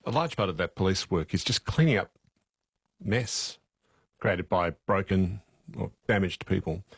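Low husky male interviewer, measured probing questions, dry studio sound. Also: dry recording.

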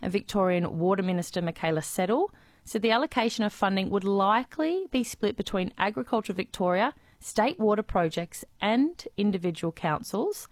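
A woman with an Australian accent presenting a regional news report in a measured, scripted read. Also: mid-range voice, no room sound.

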